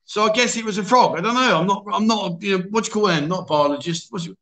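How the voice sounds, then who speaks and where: Man, livestream host, casual chat, self-mocking, fairly high voice. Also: quick pace, pushed and bright. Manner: chatty, self-mocking, full of fillers and voices for quotes. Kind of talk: casual storytelling and reading viewer comments.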